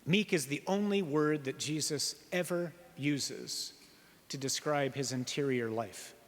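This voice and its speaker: A priest giving an earnest sermon, slowing down on key phrases and asking the listeners rhetorical questions. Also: male voice, mid-range voice. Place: church. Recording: reverberant church hall.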